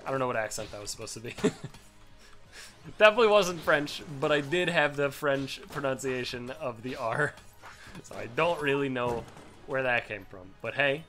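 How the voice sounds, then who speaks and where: A young man hosting a let's play, rambling through casual gameplay commentary, swearing freely with excitable bursts. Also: mid-range voice, moderate pace, faint music behind.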